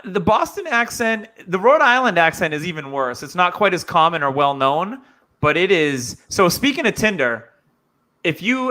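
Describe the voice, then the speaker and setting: A man with a slight New England accent hosts a podcast in relaxed chat. His voice is bright and a touch high, and he talks in an easygoing way. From New Hampshire. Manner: easygoing, laughs along, analytical. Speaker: podcast host.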